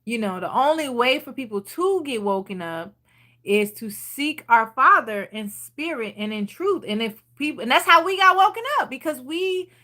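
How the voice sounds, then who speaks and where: Bright high-voiced woman chatting about faith. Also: expressive, moderate pace. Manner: chatty and rambling, reading viewer comments aloud. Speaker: channel host leading a Bible study. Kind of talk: casual faith talk to viewers.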